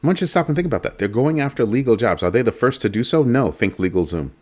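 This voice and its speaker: A man's voice: medium pitch, lively intonation, fast, a little mellow. A man hosting a casual talk show, telling a story and mimicking a coworker with emphatic asides. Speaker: host. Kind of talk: casual chat.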